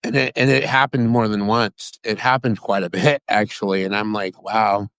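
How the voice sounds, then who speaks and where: A man guesting on a casual live chat who tells stories in a rambling, excitable rush, doubling back on himself. His voice is smooth and clean. The sound is dry and close. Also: lowish voice, moderate pace, no room sound. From Sacramento, California. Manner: rambling, excitable storyteller with many restarts.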